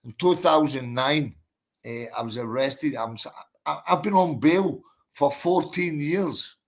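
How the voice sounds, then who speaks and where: A man's voice: on the high side, measured pace. A man, a boxer telling his story in a casual interview, blunt and emphatic, swearing and calling the listener mate and bro.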